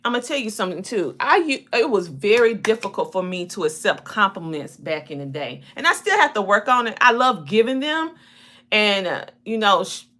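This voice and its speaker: A woman from South Carolina with a Southern accent, hosting a casual live stream and chatting lively with viewers. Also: mid-range voice, normal speed.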